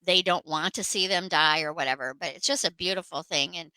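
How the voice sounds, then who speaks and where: Brief: woman talk-show host, lowish voice, bright tone, dry sound. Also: brisk, dry recording, low-quality recording. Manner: rambling storyteller with many fillers. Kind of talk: casual chat.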